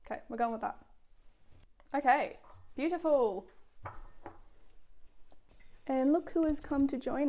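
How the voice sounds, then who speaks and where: A woman's voice: on the high side, warm tone. A woman chatting casually through a cooking vlog in her kitchen, self-deprecating and laughing often. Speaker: food vlogger. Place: home kitchen.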